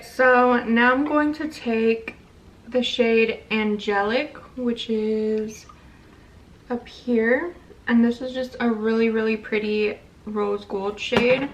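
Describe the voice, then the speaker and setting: A sassy, foul-mouthed young woman chatting through a makeup tutorial. Her voice sits a little higher than most. She is recorded from a bit away from the mic. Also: recorded from a distance, highs cut off, a little hiss or hum. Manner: blunt, profane, sassy. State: pregnant. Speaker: beauty vlogger. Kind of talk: casual makeup tutorial and rant.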